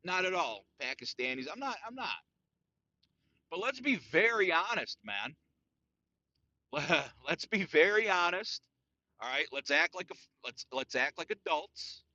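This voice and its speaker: A man's voice: on the high side, very animated, unhurried, bright, forceful tone, no room sound, dull audio. A man hosting a casual solo podcast rant, talking in a crude, profane and boastful way, calling everyone "dude". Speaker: podcast host.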